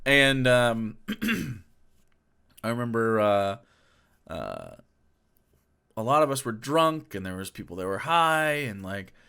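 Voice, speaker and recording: Male streamer, casual, rambling, swears a lot, medium pitch. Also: sing-song, takes it slowly, vocal fry, pauses often, bright, forceful tone, smooth. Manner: rambling, profane, laughs often. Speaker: streamer reacting to a clip. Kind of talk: casual livestream storytelling.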